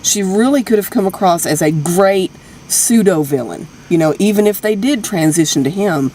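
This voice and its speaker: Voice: medium pitch, lively intonation, normal speed, a little mellow, slight background noise. A co-host in a casual movie review chat, agreeable and hesitant, with many fillers.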